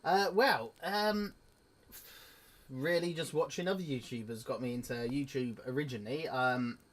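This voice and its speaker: A man's voice: medium pitch, moderate pace. Chatty young man, Oxfordshire country twang. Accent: Oxfordshire with a slight country twang. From England. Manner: chatty, lots of "uh" and self-interrupting restarts. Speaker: YouTuber. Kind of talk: casual Q and A to camera.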